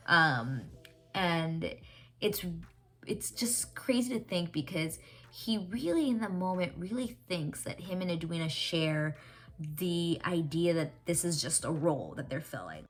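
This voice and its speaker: A young woman hosting a casual TV reaction vlog, rambling and animated with lots of fillers and casual swearing. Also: fairly low pitch, a little slow, faint music behind. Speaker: reaction channel host.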